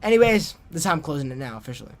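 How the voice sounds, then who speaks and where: This young man runs a wrestling podcast alone, firing off words rapidly in a slightly high voice with big swings in pitch. He rambles, mocks his own awkward sign-offs, and keeps trailing off and starting over.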